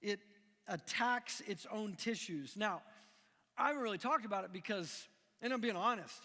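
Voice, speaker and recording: A middle-aged man from Missouri preaches with a high, lively voice, talking to the room like a friend and often restarting his sentences. A long echo rolls through the hall behind him. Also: normal speed. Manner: animated, conversational, frequent restarts. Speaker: pastor. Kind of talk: sermon. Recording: long echoing hall reverb.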